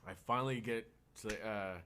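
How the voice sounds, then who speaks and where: A man's voice: on the low side, moderate pace, a little hiss or hum. A man in a casual podcast chat, telling a story with lots of laughing and swearing. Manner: animated, laughing, swearing a lot.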